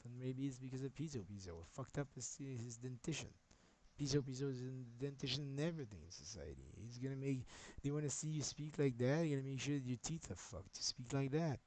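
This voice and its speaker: A man's voice: mid-range voice, a little mellow, a little hiss or hum, poor audio. A man streaming, talking in a rambling, agitated monologue with a lot of swearing.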